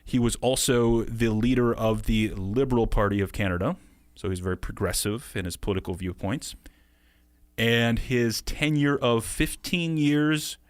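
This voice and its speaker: An American man co-hosting a podcast, talking casually and quickly, laughing often. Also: medium pitch, dry recording. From United States. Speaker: podcast co-host.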